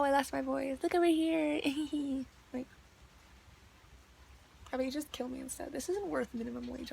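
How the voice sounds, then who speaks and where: A woman's voice: high-pitched, vocal fry, a little hiss or hum. A young woman ranting in a video diary, chatty and exasperated, with lots of "like". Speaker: vlogger.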